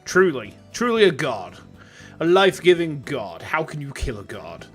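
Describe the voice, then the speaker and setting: A young man streaming as a VTuber, joking and irreverent in casual commentary, talking to his chat through a boom mic. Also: big pitch swings, normal speed, fairly bright tone, faint music behind. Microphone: boom mic on a stand.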